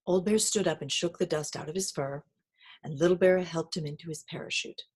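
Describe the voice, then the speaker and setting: A woman reading a children's picture book aloud in an expressive, sing-song storytelling manner. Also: low voice, fairly quick, slightly rough. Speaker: reader.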